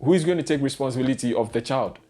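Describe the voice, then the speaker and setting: A man's voice: medium pitch, very fast, dark tone. A young man vlogging, ranting in casual commentary with exasperated, repeated rhetorical questions.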